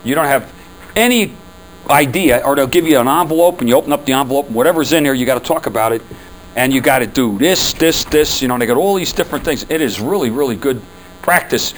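A man's voice: mid-range voice, quick pace, a little hiss or hum, low-quality recording. An older man giving a casual presentation to a room of business customers, telling chatty stories and putting asides to the audience.

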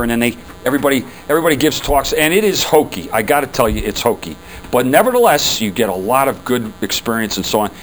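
An older man addresses a room of customers in a loose, conversational talk, his pitch swinging widely as he tells stories and turns to the audience with questions. A faint mains hum sits under the recording. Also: poor audio. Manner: chatty, animated storytelling with asides to the audience. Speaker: speaker giving a talk to business customers. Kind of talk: casual presentation to a group.

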